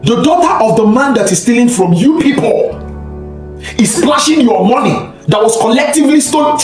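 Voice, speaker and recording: A man's voice: very high voice, sing-song, a little fast, a little mellow, echoey room, soft background music, low-quality recording. A man delivering a ranting online commentary, mocking and breaking into scornful laughter.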